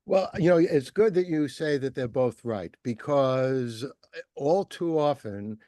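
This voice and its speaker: A man's voice: medium pitch, lively intonation, a little slow, dark tone, no echo, studio quality. A man hosting an interview, fluently telling a joke to his guest. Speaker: interviewer and host.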